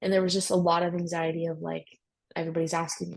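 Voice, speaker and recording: A woman's voice: lowish voice, little pitch movement, a little fast, gravelly, a little mellow, rough recording. A young woman telling her own story candidly in a casual way, with many fillers and bursts of speech. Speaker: guest sharing her story.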